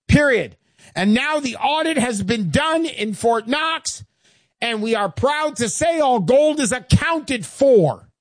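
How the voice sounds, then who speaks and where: A man hosting a radio show, pushing a product in a brash, hard-selling voice that swings up and down in pitch. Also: no echo, clean studio sound. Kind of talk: pushy sales pitch radio talk.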